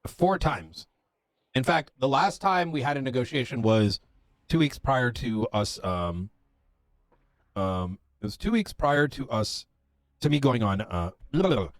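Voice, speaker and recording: A man's voice: medium pitch, animated, dry recording. Earnest lecturing man in dry sound. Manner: earnest, lecturing, halting with fillers. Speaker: police officer in a roleplay game. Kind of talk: in-character roleplay conversation.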